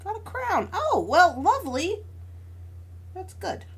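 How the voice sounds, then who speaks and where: A woman's voice: very high-pitched, big pitch swings, slow. A young adult woman chatting casually as a crafting stream host, telling a story with frequent laughs and acting out both sides of an argument.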